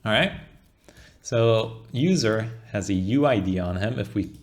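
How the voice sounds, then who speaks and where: Speaking at a measured pace in an animated, lowish voice, this young coding instructor thinks aloud as he casually explains code over screen-share. He keeps checking in with "right?"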